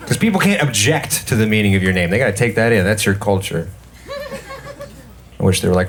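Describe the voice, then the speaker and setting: A young man from Romania doing a stand-up set in a comedy club, absurd and animated, jumping into high voices when he quotes people. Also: brisk, long pauses. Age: young adult.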